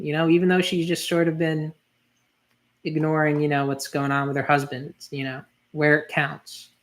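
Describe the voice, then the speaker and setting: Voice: mid-range voice, level tone, moderate pace. Manga reader, live read-through, casual, rambling, lots of fillers.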